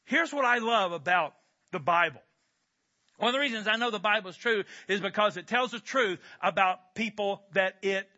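A man preaching a sermon as a pastor, animated and joking in a conversational way. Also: high-pitched. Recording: dull lo-fi recording.

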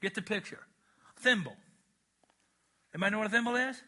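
Bright-voiced middle-aged male preacher. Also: high voice, a little fast. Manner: emphatic preaching with call-and-response to the congregation; jokey, folksy asides. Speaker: pastor. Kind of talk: sermon.

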